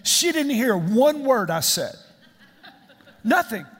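Pastor guy preaching loud, lively swoops, echoey hall. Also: very high voice, takes it slowly. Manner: animated, shouting questions to the congregation. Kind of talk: sermon.

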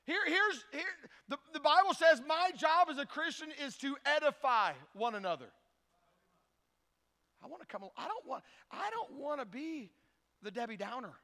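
A pastor preaching a sermon, telling stories with animated voices and acting out the characters. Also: male voice, very high voice, normal speed, big-room sound.

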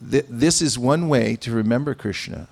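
A man giving a devotional sermon, speaking in a measured, pausing way with gentle humor. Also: mid-range voice, vocal fry. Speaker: spiritual teacher. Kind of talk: sermon with anecdotes.

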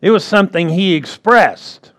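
A pastor with a high-pitched, fairly bright voice and lively intonation delivers a sermon at a moderate pace. His style is conversational, and he often checks in with the congregation.

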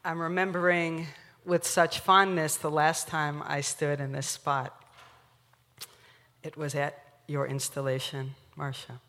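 A woman rabbi opening her sermon in a relaxed, joking way to the congregation. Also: deep voice, slow pace. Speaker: guest rabbi and scholar. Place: synagogue sanctuary. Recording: long hall reverb.

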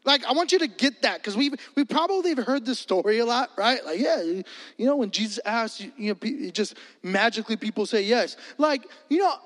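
Pastor guy preaching, really high voice, joking around, echoey church hall. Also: fairly quick. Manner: animated, joking, conversational. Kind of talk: energetic comedic sermon.

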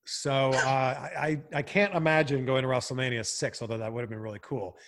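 A man from Canada who hosts and chats casually, animated and quick to laugh, with lots of fillers. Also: mid-range voice. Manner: animated, laughs often, chatty with many fillers. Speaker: broadcaster and host. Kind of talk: casual podcast chat.

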